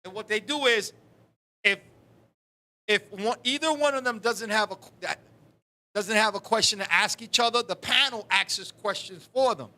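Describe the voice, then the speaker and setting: Male live-stream host with a very high, piercing voice. Animated, swears freely, laughs a lot. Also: moderate pace. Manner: animated, profane storytelling with frequent laughs. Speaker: talk show host. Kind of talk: casual live-stream chat.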